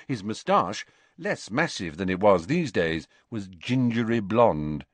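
A man narrating an audiobook with expressive storytelling, recorded on a close mic. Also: lowish voice, a little slow, no room sound. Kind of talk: scripted narration.

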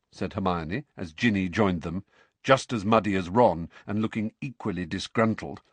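Husky man narrating an audiobook. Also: sits low, normal speed, no room sound. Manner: expressive storytelling.

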